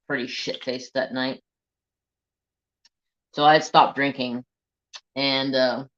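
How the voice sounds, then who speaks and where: A man telling a personal story in a slow, halting, reflective way while he works on a craft. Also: fairly high pitch, bright, forceful tone, lo-fi sound. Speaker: crafting vlogger.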